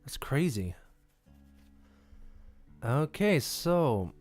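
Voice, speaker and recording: A man's voice: medium pitch, very animated, drawn-out words, darkish tone, soft background music. A man hosting a casual live stream, rambling and stammering as he reacts to the chat. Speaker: livestream host.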